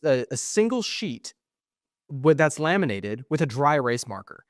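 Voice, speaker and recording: A young adult podcast co-host spins a long, rambling personal story, swearing freely and acting out both sides of the conversation with animated energy. His pitch is average, his pace moderate, and the recording is dry and close.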